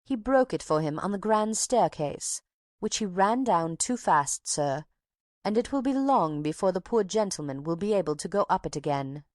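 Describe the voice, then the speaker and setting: A woman's voice: lowish voice, expressive, normal speed, dry recording, studio quality, lightly acted. A woman reading an audiobook, voicing a talkative older woman box-keeper who tells her tale with drama and takes offence easily. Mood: indignant. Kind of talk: audiobook character voice.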